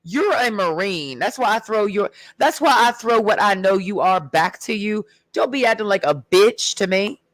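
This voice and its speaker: A woman's voice: medium pitch, animated, normal speed, few pauses, no echo. A woman ranting in a heated, sarcastic and profane way in a casual vlog. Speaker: vlogger. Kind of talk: casual rant.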